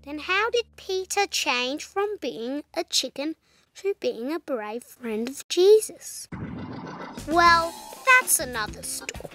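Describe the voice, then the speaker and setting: Woman reading a kids bible story, slow, bright and bouncy, dramatic little whispers. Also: sits high, sing-song, dry recording, clean studio sound, soft background music. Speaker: children's storyteller. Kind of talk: animated storybook narration.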